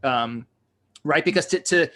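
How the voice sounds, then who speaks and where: A man's voice: fairly high pitch, unhurried, fairly bright tone. An American man co-hosting a podcast, talking in a rambling way with many fillers and restarts. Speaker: podcast co-host. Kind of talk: casual discussion.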